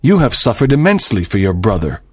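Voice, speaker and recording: A man's voice: on the low side, very animated, fast talker, a little mellow, husky. A man voicing a stern, proud doctor and father in a dramatized audiobook, speaking formally and with emphasis.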